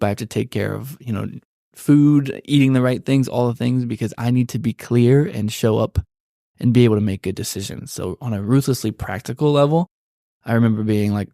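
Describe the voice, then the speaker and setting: A man co-hosting a faith-based podcast, speaking reflectively in a halting, casual way with many fillers. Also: on the low side, gravelly, warm tone, no echo, clean studio sound. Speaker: podcast co-host.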